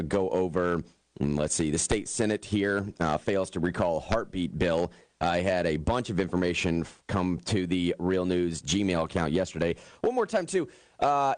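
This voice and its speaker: A man's voice: low voice, no echo. Guy hosting morning radio, jokey and rambling, close dry studio mic. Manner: joking, rambling, quick bursts with fillers. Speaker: radio show host. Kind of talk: casual morning radio talk. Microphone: studio microphone.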